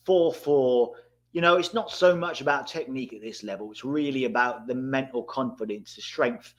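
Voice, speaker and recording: A man at medium pitch hosts a live broadcast of a match viewing. He talks casually and reacts loudly to decisive moments. He keeps addressing the viewers in the chat. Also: moderate pace. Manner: excitable, bursts out at big moments, talks to chat. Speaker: host of a live watchalong.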